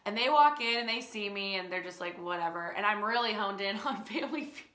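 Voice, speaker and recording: A young woman teacher telling a family story to children, playful and animated, acting out the quoted lines. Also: mid-range voice, brisk. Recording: echoey room.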